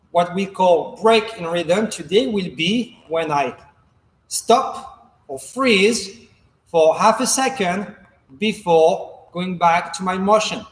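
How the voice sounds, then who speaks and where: A man fencing coach leading a follow-along footwork class, giving calm, measured instructions and counting out drills as he moves. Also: sits high. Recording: echoey hall reverb.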